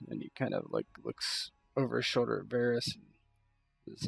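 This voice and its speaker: Gravelly, husky game master. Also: male voice, medium pitch, huge pitch swings, normal speed, faint music behind. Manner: loose and rambling, with many fillers. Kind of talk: narrating a tabletop role-playing game.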